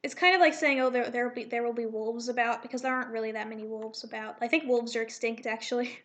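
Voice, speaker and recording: High-voiced woman reading her comic casually. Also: steady tone, fairly bright tone. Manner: rambling, self-correcting, with quick asides. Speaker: comic artist reading her draft aloud. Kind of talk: casual read-through of a comic, voicing characters.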